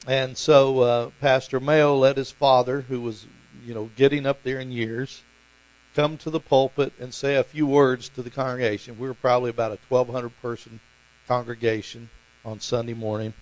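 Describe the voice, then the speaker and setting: A man's voice: medium pitch, flat delivery, normal speed, a little mellow, low-quality recording. A middle-aged man preaching a sermon, telling stories in a folksy way with chuckles and fillers. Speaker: pastor.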